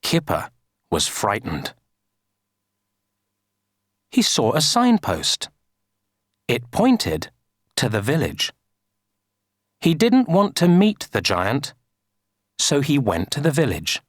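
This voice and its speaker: A woman reading a children's story aloud for an English lesson, slow and sing-song. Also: very deep voice, huge pitch swings, no room sound, clean studio sound.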